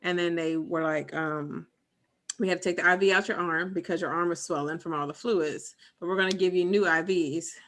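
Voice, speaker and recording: Woman, 30s, podcast co-host. Bright, animated storyteller who acts out the quotes. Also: on the low side, a little fast. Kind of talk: casual chat, personal story.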